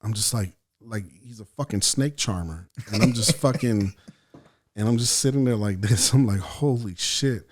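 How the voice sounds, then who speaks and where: Profane, animated storyteller with a low voice. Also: male voice, normal speed. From El Salvador. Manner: profane, animated storyteller acting out his own thoughts. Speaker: podcast guest, actor and writer. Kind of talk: casual storytelling chat.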